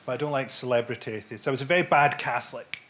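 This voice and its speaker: A male comedian with a bright, forceful voice delivers dark, deadpan wit. Faint noise sits under the recording. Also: medium pitch, quick pace. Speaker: comedian guest. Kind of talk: stand-up style rant.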